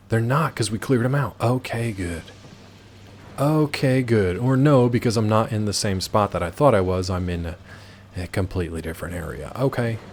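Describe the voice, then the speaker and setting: A man's voice: fairly low pitch, normal speed, a little mellow, slight background noise. A man streaming a video game live, chatting casually and answering his chat with wry asides.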